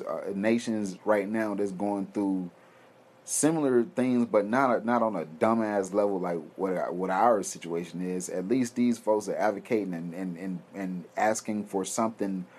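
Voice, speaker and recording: A man's voice: fairly low pitch, unhurried, darkish tone. Profane, heated man ranting. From United States. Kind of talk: ranting monologue.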